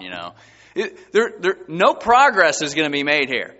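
A man preaching a sermon as a pastor, his voice surging high and loud for emphasis. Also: sing-song, moderate pace. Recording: dull sound with long hall reverb.

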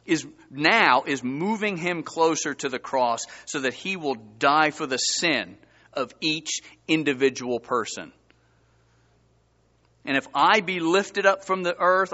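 A man's voice: fairly high pitch, bright, forceful tone, highs cut off. A man preaching a sermon, reading Bible verses and pressing his listeners with rising emphasis. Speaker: pastor.

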